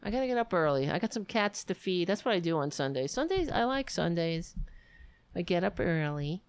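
Middle-aged woman, live-stream host, wry and rambling, lower voice, dry close sound. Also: big pitch swings, smooth, dry recording. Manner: chatty, wry, rambling with quick asides. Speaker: livestream host reading chat. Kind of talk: casual live-stream chat.

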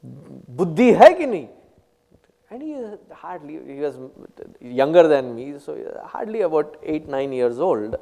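A spiritual teacher speaks in a rather high voice, taking his time. He tells stories and defines terms one after another. His words ring out with a long echo as if in a large hall. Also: big pitch swings, warm tone. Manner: unhurried storytelling, explains terms one by one. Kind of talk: spiritual discourse with anecdotes.

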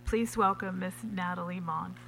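A woman's voice: lowish voice, fairly even intonation, normal speed, vocal fry, a bit bright, faint music behind, poor audio. A woman mentor formally introducing a reader at a literary event, speaking admiringly. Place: reading event.

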